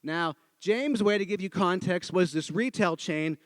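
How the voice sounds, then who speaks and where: A storyteller from the northeastern United States tells a personal story live to an audience, animatedly acting out every character in it. His voice is high-pitched at a measured pace, with no room sound.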